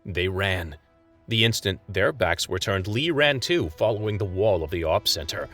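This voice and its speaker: A man reading his own story aloud as scripted audiobook narration, with a measured, even storytelling delivery. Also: low-pitched, soft background music.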